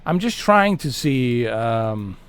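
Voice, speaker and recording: A man's voice: mid-range voice, sing-song, slow, slight background noise. A man hosting a gaming channel, chatting in a casual, rambling way and swearing freely.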